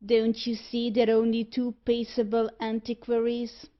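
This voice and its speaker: A woman's voice: fairly high pitch, monotone, unhurried, muffled recording, natural voice. A woman reading aloud, voicing a good-natured Irish laboring man with an Irish accent. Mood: hearty. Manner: hearty, placating.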